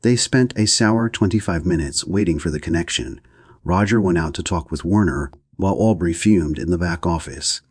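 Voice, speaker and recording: A man reading a classic novel aloud as an audiobook narrator, in a steady, even manner. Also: low-pitched, moderate pace, slightly rough, dry recording, clean studio sound.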